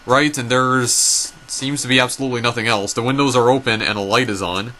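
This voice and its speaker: With a mid-range, steady voice that is brisk and sharp in tone, this man speaks over slight background noise. He's a gameplay narrator reading a story game's text and dialogue aloud, mixing in casual remarks and often tripping on names.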